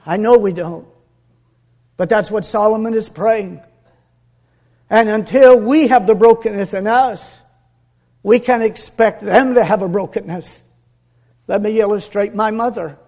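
A man preaching a sermon with earnest conviction, dropping to a hush and building to emphatic peaks. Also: high-pitched.

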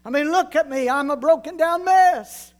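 A man's voice: very high voice, normal speed. A man voicing a frail, frightened crippled young man who stammers and pleads. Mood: pleading.

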